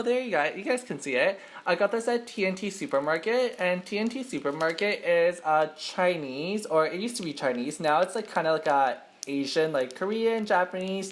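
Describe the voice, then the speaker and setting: A man's voice: sits high, a little hiss or hum. Young male mukbang host, chatty and rambling, filler-heavy casual delivery. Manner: self-conscious, admits to nervousness. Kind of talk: casual eating-show chat to camera.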